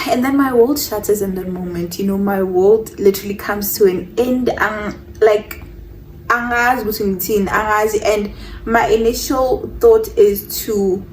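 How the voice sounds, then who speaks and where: A young woman telling a personal story on her vlog, animated and mixing English with Zulu phrases. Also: medium pitch, recorded from a distance, a little hiss or hum, poor audio. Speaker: vlogger.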